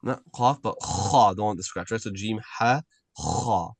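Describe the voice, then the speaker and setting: Patient low-voiced man teaching Arabic sounds. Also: gravelly, slightly rough, no room sound. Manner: patient, corrects pronunciation slowly and repeats sounds. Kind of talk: online class teaching. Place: video call.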